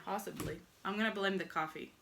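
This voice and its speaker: Bright-voiced chatty woman teaching sewing. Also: mid-range voice, brisk, vocal fry, slight background noise. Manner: chatty, jokey asides to viewers while working. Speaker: sewing pattern instructor. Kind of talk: casual sewing tutorial.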